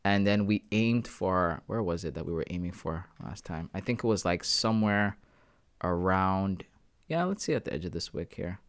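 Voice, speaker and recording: A young man hosting a live trading stream, thinking out loud and talking casually to his viewers. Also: low voice, lively intonation, normal speed, clean tone. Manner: thinking aloud, talks to chat with "guys" and "bro". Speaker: trading livestream host.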